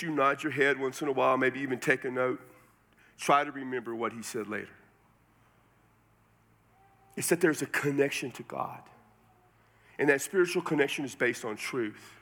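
A man's voice: fairly high pitch, pushed and bright. A male pastor preaching a sermon in a casual, joking way, with emphatic drops and asides.

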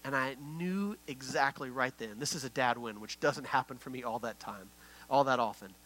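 A middle-aged man, a pastor, preaching an earnest sermon and telling stories, often dropping his voice to a hush. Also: mid-range voice, normal speed, a little hiss or hum, rough recording. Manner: earnest, storytelling preacher who drops to a hush for quoted moments.

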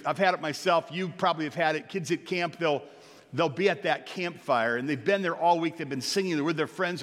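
A middle-aged male pastor preaching a sermon to his congregation, telling stories with jokey asides and swinging from quiet to loud. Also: a little high. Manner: storytelling, jokey asides, animated swings in volume. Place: church sanctuary. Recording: long hall reverb.

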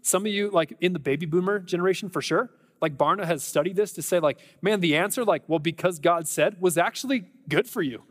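A man's voice: sits high, quick pace, hardly any pauses, big-room sound. A man preaching a sermon in a conversational, earnest way, with an American accent and frequent fillers and restarts. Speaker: pastor.

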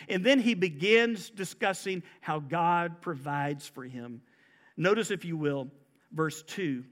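A man's voice: high-pitched, lively intonation, measured pace, a bit bright. A man. He quotes scripture and builds to emphatic, rising declarations. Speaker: pastor. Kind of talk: sermon.

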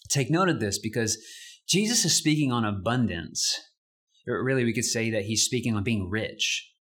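Husky young man preaching conversationally. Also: medium pitch, normal speed. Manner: conversational, animated preaching with asides. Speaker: pastor. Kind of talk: sermon.

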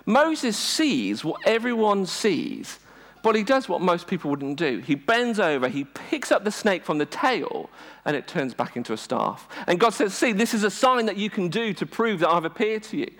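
A man preaches with a high, animated voice that swoops up and down as he tells stories. He mixes humour and self-mocking asides into his sermon. The sound carries the long reverb of a large hall. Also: moderate pace. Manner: lively, humorous, self-deprecating storytelling. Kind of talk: sermon with storytelling.

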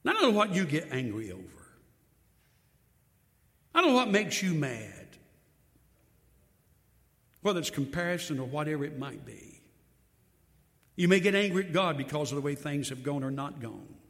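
A male preacher tells a Bible story in a folksy, emphatic sermon, repeating his points. His fairly high voice rises and falls in wide swings. The sound rings with a long reverb from the church hall. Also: sing-song, moderate pace, pauses often, a bit bright.

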